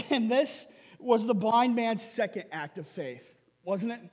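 A male pastor preaching a sermon in a lively way, often asking "right?" and laughing. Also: very high-pitched, slow, long reverb tail. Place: church hall.

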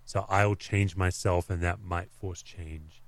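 Low-voiced man telling stories, dry sound. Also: steady tone, slow pace, dry recording. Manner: candid, reflective storytelling. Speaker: pastor. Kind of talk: podcast conversation.

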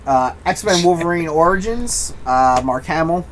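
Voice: medium pitch, lively intonation, a little slow, slight background noise. A podcast co-host reminiscing casually about old video games, laid-back, trailing off and swearing.

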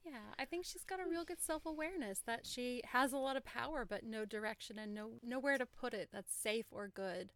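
Creaky-voiced woman co-host, earnest and reflective, dry close sound. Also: on the high side, brisk, hardly any pauses, no echo. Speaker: podcast co-host. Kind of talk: casual book discussion.

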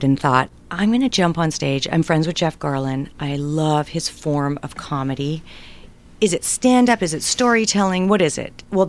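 A middle-aged woman with a notably low voice tells stories in a relaxed interview. She talks animatedly and slips into the voices of the people in her anecdotes. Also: vocal fry. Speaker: guest, writer and performer. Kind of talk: conversational storytelling interview.

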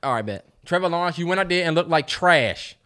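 A man co-hosting a casual sports podcast, blunt and swearing in animated banter. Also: fairly high pitch, brisk, clean tone. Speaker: podcast co-host.

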